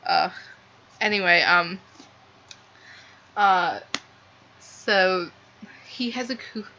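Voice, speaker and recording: Rambling and gushing, this young woman reviews a book casually and leans heavily on "like." Her fairly low voice moves extremely slowly and sounds pushed and bright. There's faint noise on a slightly dull lo-fi recording.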